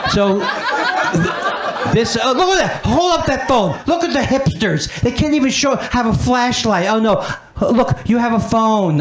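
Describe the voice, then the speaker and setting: A man doing a stand-up comedy set on a club stage, riffing on his own weak jokes and mocking himself. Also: high voice. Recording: roomy club sound with a laughing crowd. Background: audience laughter.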